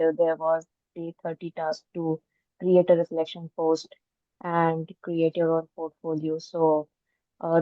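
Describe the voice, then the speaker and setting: A woman chatting on a video call, steady and unhurried with frequent fillers. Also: lowish voice, no room sound, dull audio. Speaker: participant. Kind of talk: casual group chat.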